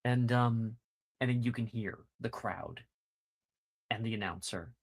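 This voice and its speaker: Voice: medium pitch, a little slow. A game master narrating a tabletop game, rambling with many fillers and casual swearing.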